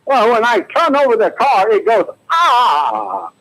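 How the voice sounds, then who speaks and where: A man putting on a quavering, stammering old-Hollywood lady phoning a repair shop, in a high, lively voice. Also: full character voice, rough recording. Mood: flustered. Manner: quavering, halting, repeats words. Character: flustered, stammering movie-star lady on the phone.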